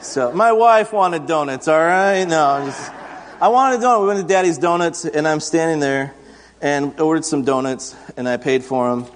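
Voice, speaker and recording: In a church sanctuary with long reverb, a man in his thirties preaches an interactive sermon at normal speed. His fairly high voice stays conversational as he asks the congregation questions and tells self-deprecating stories.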